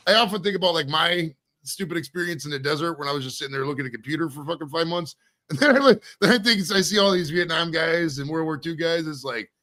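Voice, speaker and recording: A man's voice: on the high side, fast talker, pushed and bright. A man in his forties hosting a podcast interview, rambling casually, swearing and laughing often. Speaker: podcast host.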